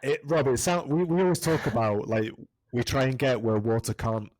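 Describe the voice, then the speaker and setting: A man co-hosting a podcast, cutting in with excited, stammering questions. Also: medium pitch, normal speed, dry recording. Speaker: podcast co-host. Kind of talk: casual chat.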